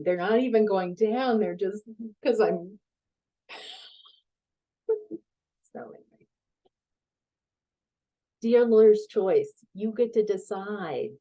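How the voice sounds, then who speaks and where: Mellow, slow-talking woman tarot reader. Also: mid-range voice, lively intonation, rough recording. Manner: chatty storytelling, laughing easily. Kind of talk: casual tarot reading.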